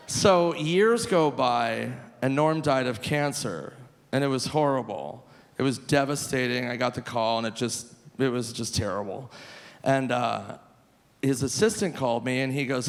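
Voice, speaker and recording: A man in his forties performing stand-up live on a theater stage, telling stories deadpan with sudden loud outbursts. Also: mid-range voice, normal speed. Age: 40s. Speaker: stand-up comedian. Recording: long hall reverb, faint crowd hum.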